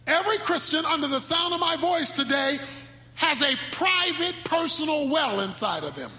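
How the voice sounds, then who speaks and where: A male pastor with speech preaches in a very high, bright voice, now shouting, now slowing to stretch his words. His voice rings through a large, echoing hall with faint music underneath. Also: animated. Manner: dramatic preaching, sudden shouts and slow drawn-out phrases. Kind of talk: sermon.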